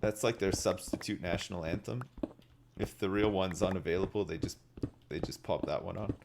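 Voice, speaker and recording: A man's voice: low voice, brisk, creaky, noisy background. A man in his thirties streaming a game live, joking and rambling to his chat. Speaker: livestreamer. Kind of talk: casual live-stream chat while gaming. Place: home gaming setup.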